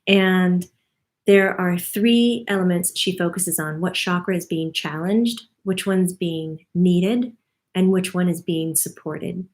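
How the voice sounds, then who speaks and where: A woman's voice: on the low side, takes it slowly, darkish tone. Chatty woman relaying a spirit guide's forecast. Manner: chatty, laughs often, relays what the guide says. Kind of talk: casual spoken monthly forecast.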